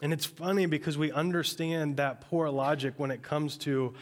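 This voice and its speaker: A man's voice: a little high, steady tone, normal speed. Conversational male pastor preaching. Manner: conversational, storytelling with acted quotes. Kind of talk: sermon.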